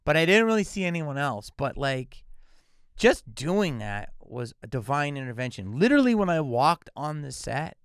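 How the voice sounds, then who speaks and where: A man in his fifties from the Philadelphia area, a guest actor telling lively stories on a podcast and acting out the people he quotes. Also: a little high, normal speed, smooth, no echo, clean studio sound. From Philadelphia area, USA. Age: 50s. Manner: animated, acts out quoted dialogue. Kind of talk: casual podcast storytelling.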